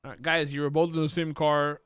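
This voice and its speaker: A man streaming a police roleplay, loud and excitable, shouting orders at other players through a headset. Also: fairly high pitch, fairly quick, clear, resonant tone. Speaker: streamer playing a police officer. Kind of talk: casual roleplay chat and shouted commands.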